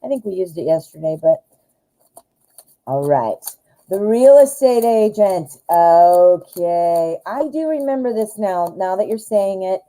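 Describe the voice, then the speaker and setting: A woman reads tarot cards live for her viewers, chatty and quick to gush and giggle. Her voice sits at a middle pitch with a soft, mellow tone. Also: rough recording. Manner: excitable and giggly, often gushing. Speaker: tarot reader and live-stream host.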